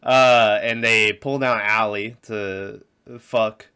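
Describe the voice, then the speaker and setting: A man's voice: fairly low pitch, steady tone, takes it slowly, pushed and bright, clean tone. A man co-hosting a casual movie podcast, rambling crudely and acting out scenes in silly voices. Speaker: podcast co-host.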